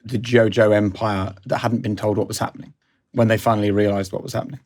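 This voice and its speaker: A man hosting a business podcast, asking calm, probing questions. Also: on the low side, fast talker. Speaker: podcast host. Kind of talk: interview questions.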